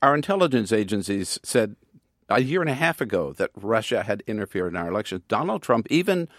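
A man commentator on a political panel with a fairly low voice. He argues his points pointedly, and the sound is dry and close. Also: very animated, fairly quick, no room sound.

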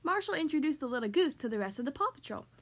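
A woman hosting a podcast, reading a picture book aloud to young children in a bright, expressive storytelling manner. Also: high-pitched, racing. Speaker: podcast host reading to kids.

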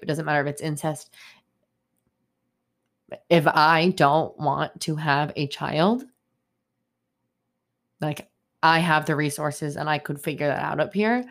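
A young woman talks through a solo podcast episode in a low, unhurried voice. She rambles in a loose stream of consciousness, filling gaps with "um" and "like". Her tone stays upset and indignant throughout. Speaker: podcast host. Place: home in Boston.

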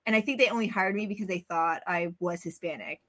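A woman from the Bronx, a guest on a podcast, telling stories in an animated, casual way and laughing easily. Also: lowish voice, fast talker. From the Bronx, New York. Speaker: podcast guest, brand creator. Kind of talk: casual conversational interview.

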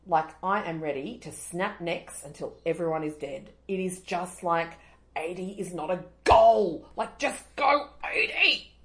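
A woman's voice: fairly low pitch, measured pace, darkish tone. A middle-aged Australian woman co-hosting a casual chat, ranting in exasperation and swearing freely. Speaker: podcast co-host.

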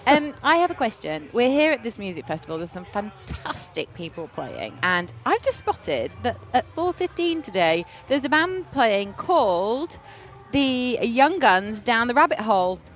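Playful, animated woman co-host. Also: a little high, a little slow. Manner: playful, teasing. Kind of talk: casual interview chat.

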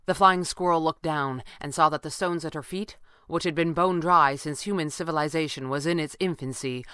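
Low-voiced woman narrating an audiobook. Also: clean tone, no echo, clean studio sound. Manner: steady, measured storytelling.

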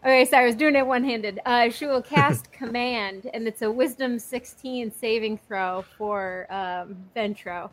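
Eager higher-voiced woman player. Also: moderate pace, hardly any pauses. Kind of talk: tabletop game play over voice chat.

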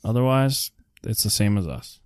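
A man's voice: on the low side, very animated, moderate pace, darkish tone, no echo, studio quality. A man from the northeastern United States in a casual chat about a movie, joking and acting out characters' lines. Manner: playful, jokey, acts out characters' lines. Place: indoor room near a heater.

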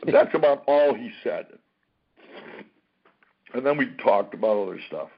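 A man telling a career story as an interview guest, animated, acting out what people said and swearing freely. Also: mid-range voice, moderate pace, breathy edge. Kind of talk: casual anecdote-telling. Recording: dull lo-fi recording.

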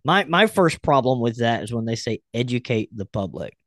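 A man's voice: medium pitch, sing-song, moderate pace, fairly bright tone, no room sound, studio quality. A man hosting a podcast, chatting casually and reading a post aloud with blunt, wry remarks. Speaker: podcast host.

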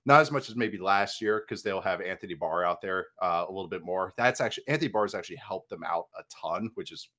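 A man appearing as a guest analyst on a sports podcast, chatting casually, quick and joking with frequent laughter. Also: low-pitched, a bit bright.

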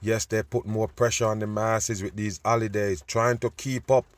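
A man's voice: on the low side, level tone, moderate pace, no echo. Profane ranting male commentator. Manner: loud, preachy and profane, repeatedly calling out "people". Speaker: host. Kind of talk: ranting commentary over news clips.

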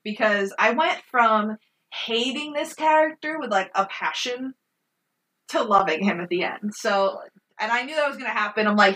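Bright-voiced animated woman podcaster. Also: on the high side, moderate pace, recorded from a distance. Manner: animated, swears freely, laughs often. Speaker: podcast co-host reviewing a film. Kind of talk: casual chat.

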